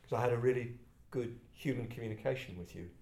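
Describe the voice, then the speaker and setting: An older English man from Kent telling personal stories to a group in a reflective, halting, self-deprecating way. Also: mid-range voice, background noise. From England, Kent. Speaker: speaker addressing a group. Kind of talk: personal storytelling talk. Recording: roomy echo.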